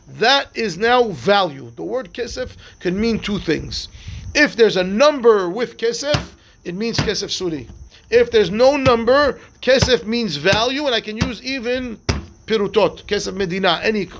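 A man's voice: sits high, animated, moderate pace, creaky, background noise. A man, a rabbi, teaching a live Talmud class, explaining step by step, asking questions and answering them himself, mixing Hebrew and Aramaic terms into his English.

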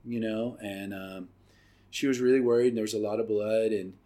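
A middle-aged man hosting a podcast and telling his personal testimony, earnest and halting, with many pauses and fillers. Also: fairly low pitch, fairly even intonation, dark tone. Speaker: podcast host.

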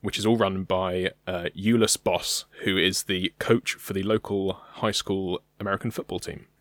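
Low-voiced young British man, casual chat. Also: moderate pace, no room sound. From Britain. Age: young adult. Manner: relaxed, hesitant with many ums. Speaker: podcast co-host.

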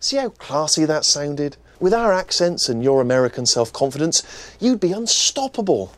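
A man's voice: a little high, big pitch swings, moderate pace. An actor playing a cheeky English man mocking Americans in a comic ad, talking in a mocking tone. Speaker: ad spokesman. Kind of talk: comic ad monologue.

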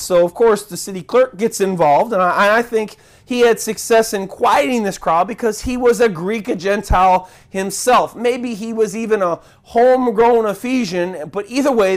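A man preaching a sermon as pastor, animated and conversational, acting out crowd voices and chants, with frequent restarts and asides to the congregation. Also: sits high.

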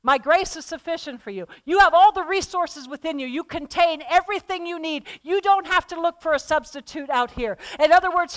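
A woman preacher delivering a sermon, impassioned, swinging between loud emphatic repetition and a hushed, near-whispered delivery. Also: high-pitched, normal speed, hardly any pauses.

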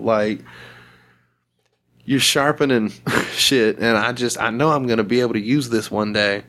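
A man's voice: mid-range voice, moderate pace. A man in casual podcast conversation, swearing freely and laughing often while he tells stories. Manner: profane, laughs often, animated storytelling.

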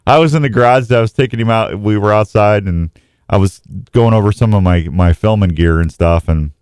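In relaxed live chat, a man hosting an outdoors show rambles in an eager, folksy manner at a fairly quick clip. His lowish voice is smooth and resonant, captured dry with no room sound.

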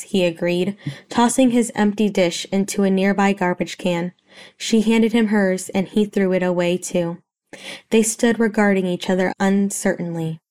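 A woman narrating a romance story in a steady, even reading voice. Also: medium pitch.

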